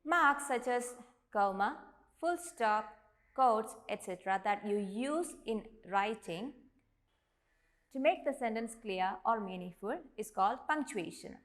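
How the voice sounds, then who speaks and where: Indian english lady teacher, kinda high voice, goes real slow, says each word out for the kids. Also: expressive. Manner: slow, deliberate, models each word aloud. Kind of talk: online classroom lesson.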